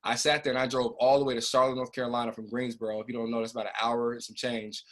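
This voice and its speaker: A man who trains a business group, telling an emotional personal story in a casual, animated way over a video call. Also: mid-range voice, racing.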